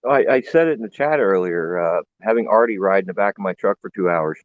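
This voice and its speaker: A guest on a live stream, this man talks in a relaxed way and laughs easily. His voice sits low, and his audio comes through dull and lo-fi but dry. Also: brisk, no room sound. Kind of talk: casual chat.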